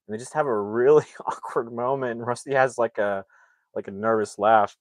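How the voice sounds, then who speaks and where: A man casually recapping a movie plot, rambling and acting out the characters' lines in quick impressions. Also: mid-range voice, dry recording. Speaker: movie reviewer.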